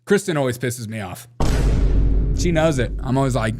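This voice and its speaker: A man's voice: medium pitch, animated, moderate pace, darkish tone. A man hosting a casual political commentary show, sarcastic and laughing often as he reads out viewer comments. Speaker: show host.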